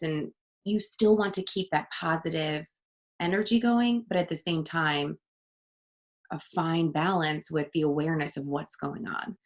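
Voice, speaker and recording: A woman's voice: low voice, normal speed. A young woman and voice actor in a casual interview, chatty and upbeat with many fillers, on a home studio mic. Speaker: voice actor guest.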